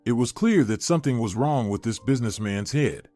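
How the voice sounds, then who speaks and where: A man reading a scripted story in an even, steady storytelling manner. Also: mid-range voice, fairly quick, dry recording. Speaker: narrator. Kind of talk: scripted narration. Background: faint music.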